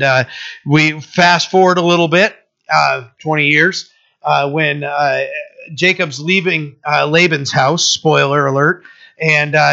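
A man teaching scripture in a relaxed, conversational way, often stopping and restarting his sentences. His voice sits slightly high and sounds bright and forceful. The recording is dull and lo-fi. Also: creaky. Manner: conversational, many restarts and fillers. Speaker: Bible study teacher. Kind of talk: casual Bible teaching.

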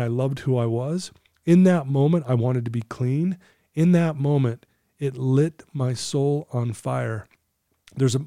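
Mellow-voiced man telling his story. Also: mid-range voice, no room sound, studio quality. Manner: earnest, emotional storyteller who laughs easily. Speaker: recovery coach and podcast guest. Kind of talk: personal storytelling in a podcast interview.

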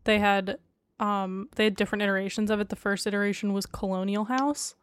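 A woman's voice: mid-range voice, fairly even intonation, a little fast, clean tone, no room sound. Dry-witted woman podcast host, close and dry. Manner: dry, sarcastic quips. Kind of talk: casual chat.

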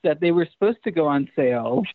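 A man co-hosting a casual podcast, telling stories in a deadpan way. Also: a little high, fairly quick, dry recording, narrow, tinny audio. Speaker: podcast co-host. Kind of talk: casual chat.

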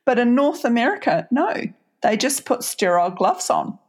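A woman from New Zealand with a New Zealand accent, co-hosting a podcast in casual chat and explaining things in a measured way. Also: fairly high pitch, very animated. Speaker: podcast co-host.

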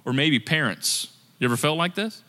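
High, bright-voiced male pastor preaching. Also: lively intonation, normal speed. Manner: conversational, repeats words for emphasis. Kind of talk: sermon. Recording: long reverb of a large hall.

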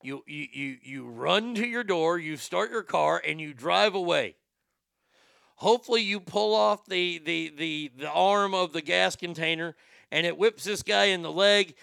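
A man's voice: sits high, a little slow, creaky, fairly bright tone, clean tone, dry recording. A man hosting an internet radio show, rambling through a profane, joking comedy monologue into a studio mic.

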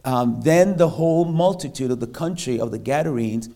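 Halting missionary preacher, many fillers. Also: male voice, mid-range voice, mellow. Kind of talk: sermon with scripture reading.

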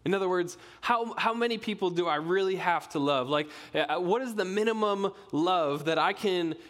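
A young man preaches to his congregation, mixing light self-deprecating jokes into a conversational sermon. His voice sits a little higher than most men's. It carries a long reverb from the church sanctuary around him. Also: normal speed. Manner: conversational, self-deprecating humor, animated storytelling. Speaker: pastoral resident. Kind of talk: sermon with personal storytelling.

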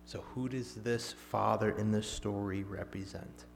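A man delivers a sermon in a somewhat low voice, pressing hard on key lines and then falling to a near whisper. Faint instrumental music sits quietly beneath him. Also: fairly even intonation, a little slow, gravelly. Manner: swings from emphatic to hushed, near-whispered. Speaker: preacher.

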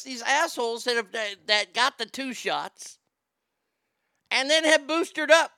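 A man's voice: extremely high pitch, unhurried, pushed and bright, dry recording, studio quality. A man hosting a live show, ranting about politics in a heated, sarcastic and profane way, often stammering and restarting when worked up.

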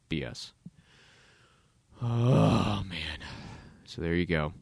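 Blunt, animated man hosting a podcast. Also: fairly low pitch, slow pace, gravelly, long pauses, no room sound, clean studio sound. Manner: blunt, acts out voices in dialogue. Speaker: podcast host. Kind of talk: casual opinion commentary.

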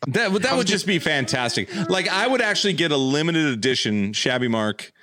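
A man's voice: on the high side, lively intonation, a little fast, bright, forceful tone. A man hosting a podcast, joking around and rambling in casual chat. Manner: jokey, rambling. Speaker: podcast host.

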